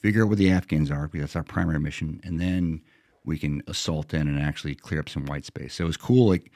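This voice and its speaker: Very deep, gravelly man telling a war story. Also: fast, darkish tone, dry recording, studio quality. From United States. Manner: blunt, matter-of-fact, rambling with restarts. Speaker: retired Green Beret sergeant major, guest. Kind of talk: telling a combat story in casual chat.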